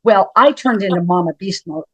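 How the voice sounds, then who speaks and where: A woman's voice: mid-range voice, moderate pace, a bit bright, breathy edge, dry recording, rough recording. Dramatic storytelling woman in her seventies. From Montana, USA. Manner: dramatic, emphatic storytelling, often addresses the host by name. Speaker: guest, health practitioner. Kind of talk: interview storytelling.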